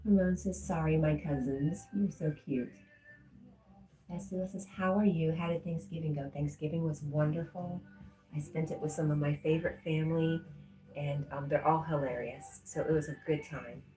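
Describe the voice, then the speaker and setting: A middle-aged woman hosts a relaxed livestream, reading viewers' messages aloud and answering them with easy laughter. Her voice sits low and mellow. The room is echoey, with faint music playing underneath. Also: normal speed. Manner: reads chat messages aloud and chats back, laughing often. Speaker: livestream host reading chat. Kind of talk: casual livestream chat.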